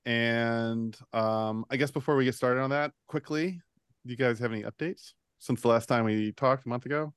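A man's voice: medium pitch, normal speed, clean tone, dry recording, studio quality. A man hosting a casual podcast chat, upbeat and steering the talk. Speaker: podcast host.

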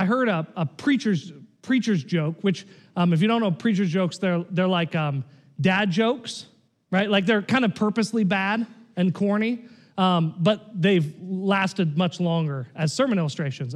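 Guy preaching a sermon, real high voice, chatty, keeps saying right?. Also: a little slow. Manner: conversational, animated, frequent "right?" and "like". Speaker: pastor.

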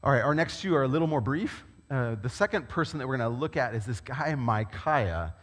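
A man delivers a sermon at a middle pitch, conversational and animated as he tells stories. His voice carries a long reverb, as if recorded in a large church hall. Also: a little fast. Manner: conversational, animated storytelling preacher. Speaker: pastor.

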